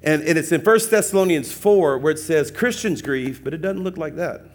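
A man preaching as a pastor, telling a funny personal story with lively, laughing acted-out dialogue. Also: on the high side, normal speed. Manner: animated, humorous, acts out dialogue with laughs. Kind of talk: sermon storytelling.

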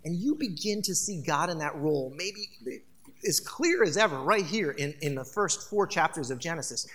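Animated preacher with a lively, bright voice. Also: medium pitch, normal speed, slight background noise. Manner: animated, rhetorical, asks the congregation questions. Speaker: pastor. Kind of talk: sermon.

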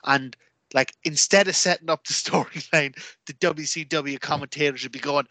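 A man co-hosting a podcast, telling rambling, animated stories in casual chat with lots of fillers. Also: a little high, moderate pace, dry recording. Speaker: podcast co-host.

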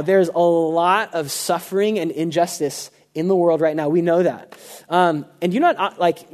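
A man's voice: on the high side, darkish tone. A young man preaching a sermon in a casual, conversational way, full of fillers and personal asides. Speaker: pastor. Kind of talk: sermon with prayer and personal stories.

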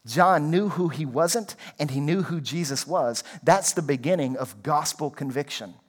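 A man's voice: on the high side, moderate pace. A man, a pastor, preaching a sermon in an earnest, emphatic way, repeating key lines for weight.

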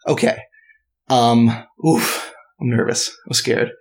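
A man's voice: mid-range voice, steady tone, takes it slowly. A young man co-hosting a podcast, chatting casually and playfully, laughing often and swearing freely. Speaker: podcast co-host. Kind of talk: casual comedic chat.

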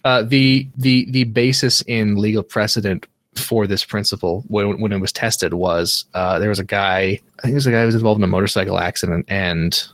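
A man from Canada with a fairly low voice talks through legal details in a relaxed podcast chat. He explains at length, restarting phrases as he goes, and the recording is dry and close. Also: moderate pace, no echo. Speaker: podcast co-host. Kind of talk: casual chat about legal trivia.

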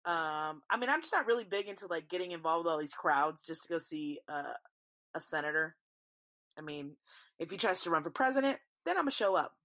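A woman's voice: sits low, expressive, a little fast, fairly bright tone. A young woman, chatting casually on her podcast, rambling and swearing freely. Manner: rambling, swears freely, talks to listeners as y'all. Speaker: podcast host. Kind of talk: casual solo chat.

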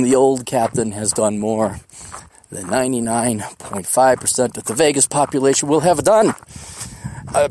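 A rowdy podcast host rambles outdoors on a hiking trail, swearing freely and cracking jokes as he goes. His voice sits at an ordinary middle pitch for a man, loose and unscripted. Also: a little mellow, slight background noise. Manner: profane, boisterous, jokey. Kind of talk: casual rambling monologue.

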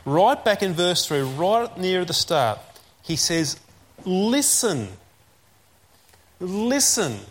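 A man preaching a sermon, repeating key phrases and slowing down to stress commands. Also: sits high, lively intonation, fairly bright tone.

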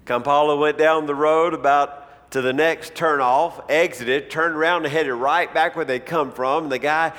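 A man's voice: fairly even intonation, normal speed, fairly bright tone, long reverb tail. A man preaching a sermon, telling a story and acting out the quoted lines of its people. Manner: storytelling, acts out quoted speech with rising pitch.

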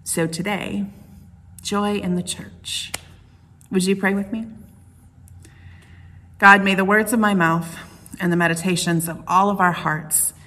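A woman's voice: on the low side, bright, forceful tone. Chatty middle-aged woman pastor preaching. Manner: chatty storytelling with playful asides. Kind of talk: conversational sermon.

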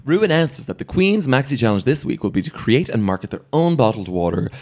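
A man's voice: mid-range voice, very animated, a little fast, creaky, a little mellow. A man co-hosting a podcast, chatting casually with snarky, cheeky asides and frequent laughter. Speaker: podcast co-host. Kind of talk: casual chat recapping a TV show.

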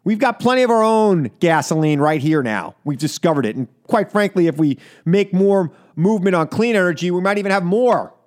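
A man's voice: high voice, animated, a little fast, hardly any pauses, a little mellow. A man hosting a political talk radio show, delivering an indignant, emphatic monologue with lots of repetition. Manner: indignant, emphatic, repeats for effect.

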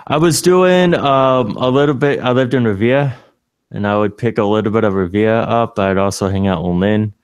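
A man co-hosting a podcast from a hotel room, joking in an offhand, casual way. His voice is fairly low and smooth. The sound is dry and close. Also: moderate pace, no echo. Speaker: podcast co-host. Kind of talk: casual chat.

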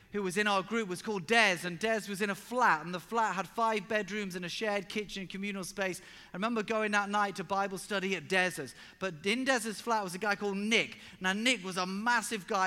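A man preaching a sermon with personal stories, emphatic and animated, sometimes rising to loud exclamations. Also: sits high. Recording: reverberant hall with music underneath.

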